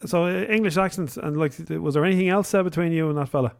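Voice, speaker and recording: A man's voice: fairly high pitch, quick pace, gravelly. A man hosting a radio prank call, asking questions in a mock-official tone.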